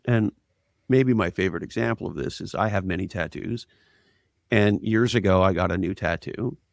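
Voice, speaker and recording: A man's voice: deep voice, moderate pace, creaky, no room sound, clean studio sound. A man speaking as an interview guest in a blunt, emphatic way, driving his points home with anecdotes. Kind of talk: conversational interview, storytelling.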